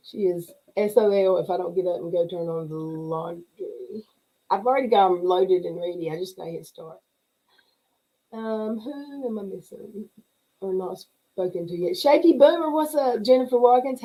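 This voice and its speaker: A middle-aged woman with a drawl and a mellow, relaxed voice chats loosely through a livestream. She laughs often and greets each viewer by name as the comments scroll past. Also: fairly low pitch, low-quality recording. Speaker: livestream host. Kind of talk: casual chat reading live comments.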